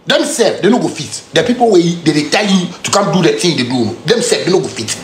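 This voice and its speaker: A man's voice: fairly high pitch, animated, a little fast, roomy sound, slight background noise. A man with a Ghanaian Pidgin English accent delivering a heated, confrontational rant full of street slang and repeated phrases. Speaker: musician. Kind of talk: angry direct-to-camera rant.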